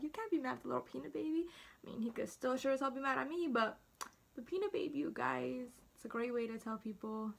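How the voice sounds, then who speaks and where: A woman's voice: fairly high pitch, creaky. A teenage girl telling her own story casually to her phone camera, chatty and dramatic, acting out her family's lines. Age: teens. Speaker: vlogger.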